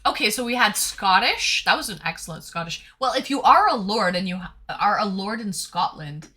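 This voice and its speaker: A woman's voice: mid-range voice, lively intonation, moderate pace, bright, forceful tone. A woman hosting a casual stream chat, answering with short, encouraging replies. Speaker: streamer host.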